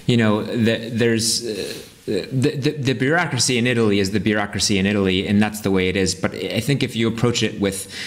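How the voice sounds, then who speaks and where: American guest, low-pitched man, halting and full of restarts. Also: fairly even intonation. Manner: hesitant, many restarts and fillers. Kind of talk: casual interview chat.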